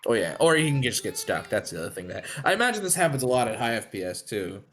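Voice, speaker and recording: A man commentating a speedrun live in a relaxed, chatty way. He picks apart the play, often trailing off mid-thought, and his voice rises and falls freely. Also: medium pitch, fast talker.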